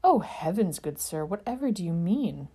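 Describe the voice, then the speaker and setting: A woman's voice: lowish voice, very animated, moderate pace, warm tone, husky. A woman voicing a posh young male wizard under a spell, speaking with vacant, saccharine politeness. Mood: prim. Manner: prim, saccharine, old-fashioned courtesy.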